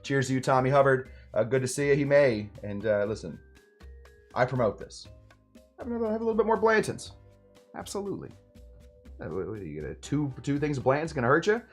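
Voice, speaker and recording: A man in his forties, a bartender hosting a casual livestream, chatting with viewers in a lively way and stumbling over a tricky word. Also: mid-range voice, brisk, faint music behind. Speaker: host and bartender. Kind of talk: casual livestream chat reading viewer comments.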